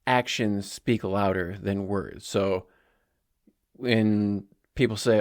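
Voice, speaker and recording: Lower-voiced man hosting a sports podcast. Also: unhurried. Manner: conversational, animated, with asides and small laughs. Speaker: podcast host. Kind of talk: casual sports commentary podcast.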